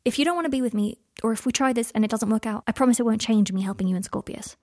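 A woman voicing a tender, earnest young man in love, pleading softly. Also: a little high, racing, no echo, studio quality, close to an everyday voice.

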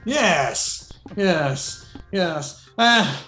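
A woman's voice: on the low side, lively intonation, drawn-out words, fairly bright tone, voice pushed up, heavily acted. A man voicing a harsh, boastful female villain duchess with an edge to her voice in a tabletop game. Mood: mocking. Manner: taunting, grandiose boasting. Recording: roomy echo, faint music.

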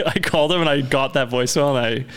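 A man's voice: medium pitch, fast talker, a bit bright, a little hiss or hum. A man co-hosting a podcast in casual, joking chat. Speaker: podcast co-host.

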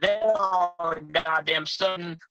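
A man's voice: fairly high pitch, fairly even intonation, a little slow, sharp tone, soft background music, poor audio. A man telling rowdy, profane road stories as a guest on a casual podcast. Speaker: guest, pro wrestler.

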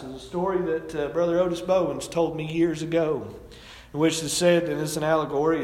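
A middle-aged man preaches in a plain, folksy storytelling way, his voice a touch on the high side. The sound rings around a large church sanctuary, with a long, echoing tail. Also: a bit bright. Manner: folksy, storytelling preacher with rising and falling emphasis. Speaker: pastor. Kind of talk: sermon. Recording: echoey hall, distant mic.

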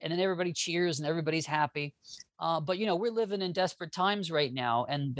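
Brief: male guest historian, lively and jokey, restarts a lot, dry close recording. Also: a little high, no room sound. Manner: animated, joking, restarts often. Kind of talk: casual interview talk.

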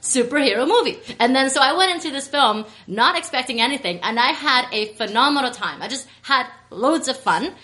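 Chatty upbeat woman, high-ish bright voice, laughs a lot. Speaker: podcast co-host. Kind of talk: casual chat.

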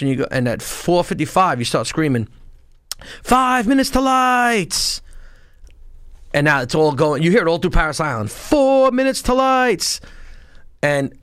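A man tells stories in a profane, animated way, his voice sitting a little high for a man. The sound is dry and close, with no room heard around him. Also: no echo. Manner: profane, animated storytelling with acted-out shouts. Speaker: podcast guest, former Marine and police officer. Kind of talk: casual storytelling.

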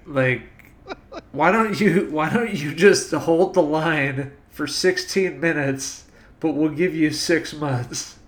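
A man on a casual podcast, talking sarcastically with a drawn-out delivery. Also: on the high side.

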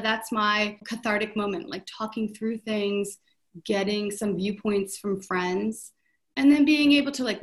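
A woman in her forties, a showroom CEO, speaking openly and reflectively in a conversational interview. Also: fairly high pitch. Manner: open, reflective storytelling. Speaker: showroom CEO, podcast guest.

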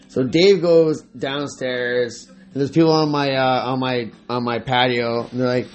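A man's voice: medium pitch, fairly even intonation, unhurried, hardly any pauses, soft background music. A man co-hosting a podcast, telling a story in casual chat, laughing often, swearing, and acting out what people said. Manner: laughing, swearing, acts out quotes. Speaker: podcast co-host.

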